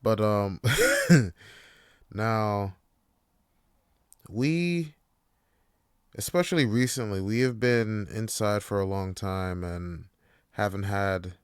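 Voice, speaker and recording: A man's voice: fairly low pitch, takes it slowly, long pauses, smooth, no echo, clean studio sound. Laid-back profane male podcast host. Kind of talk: casual monologue.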